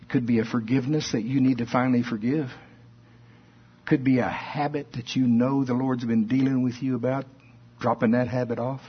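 A man preaching a folksy, animated sermon that rises to shouts at its peaks. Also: medium pitch, normal speed, slightly rough. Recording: dull lo-fi recording.

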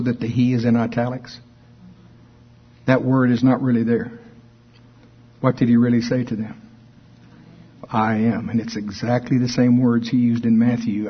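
A man delivers a sermon, walking through scripture in an easy conversational way with frequent asides. His voice is husky and sits in a middle pitch. The recording is dull and lo-fi. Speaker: Bible teacher.

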